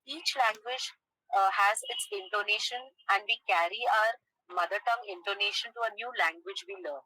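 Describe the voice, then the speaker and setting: A woman teacher lecturing a class, checking in with "okay?" and pausing on "uh". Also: medium pitch, sharp tone, dry recording, poor audio. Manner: explains with frequent "okay?" check-ins and "uh" pauses.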